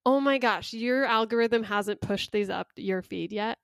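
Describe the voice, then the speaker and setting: A woman's voice: a little high, a little slow, gravelly, no echo, studio quality. A young adult woman co-hosting a podcast, talking casually with lots of fillers and frequent laughter. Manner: chatty, laughs often, filler-heavy. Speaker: podcast co-host. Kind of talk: casual chat.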